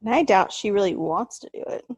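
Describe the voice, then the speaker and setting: A woman co-hosting a casual wrestling podcast, relaxed, mostly giving short replies and agreeing. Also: mid-range voice, fairly quick, breathy edge, dry recording. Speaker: podcast co-host.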